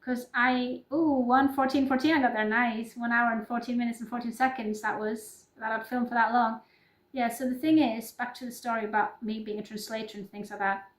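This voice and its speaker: A woman's voice: on the high side, steady tone, fairly quick. Chatty Norwegian-accented woman, echoey room. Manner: chatty and rambling, often laughing and apologizing. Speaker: YouTuber. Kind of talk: casual improvised vlog chat.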